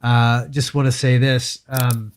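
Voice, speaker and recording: A man hosts a podcast interview over a video call. He talks in a relaxed, casual way and keeps slipping in jokes and light teasing. His pitch sits in an ordinary middle range. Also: slow pace, clean tone. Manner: joking, teasing. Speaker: podcast host.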